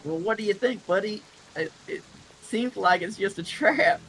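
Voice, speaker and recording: A man's voice: high-pitched, moderate pace, fairly bright tone, a little hiss or hum, poor audio. A man playing a tabletop role-playing game, talking in a laid-back, slangy way. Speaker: player. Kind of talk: casual tabletop play.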